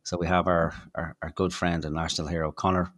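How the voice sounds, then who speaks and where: A man's voice: low-pitched, flat delivery, fairly quick, a bit bright, no room sound. A man co-hosting a live show, rambling and swearing in laid-back chat. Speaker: podcast co-host. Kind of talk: casual live-stream chat.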